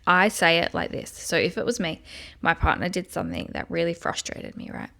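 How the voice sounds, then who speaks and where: A woman's voice: fairly low pitch, sing-song, brisk, creaky, pushed and bright. A woman giving a self-help video lesson, earnestly guiding the listener step by step and speaking affirmations aloud. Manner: speaks tapping affirmations aloud in first person.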